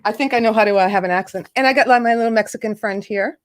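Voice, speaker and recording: A woman's voice: a little high, quick pace, noisy background. A woman hosting a casual livestream, greeting viewers by name and laughing often. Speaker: livestream host. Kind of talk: casual live chat.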